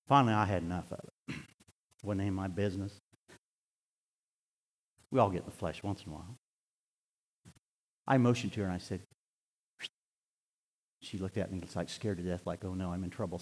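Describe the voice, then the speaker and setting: A man's voice: low-pitched, normal speed, pauses often. Older man preaching in a reverberant hall. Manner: impassioned preaching, rising to near-shouts then dropping to quiet storytelling. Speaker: pastor. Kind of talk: sermon. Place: church sanctuary.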